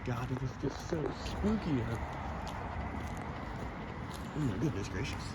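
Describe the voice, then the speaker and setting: A man's voice: medium pitch, very animated, measured pace. A man vlogging while walking outside at night, chatting in a rambling, mildly spooked way. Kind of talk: casual vlog narration. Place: outdoors at night in a foggy neighborhood. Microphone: handheld camera mic. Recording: noisy outdoor camera audio. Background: night sounds and distant cars.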